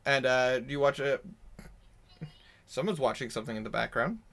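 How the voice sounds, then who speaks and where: A man's voice: mid-range voice, normal speed, a bit bright. A man narrating a tabletop game as game master, in a rambling, descriptive way.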